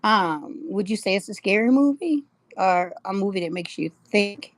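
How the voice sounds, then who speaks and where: A woman's voice: medium pitch, animated, moderate pace, no echo. A middle-aged woman with a drawl hosts a live stream and chats easily with her viewers. She greets people by name and laughs a lot. The sound is dry and close. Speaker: live-stream host of a jewelry shop.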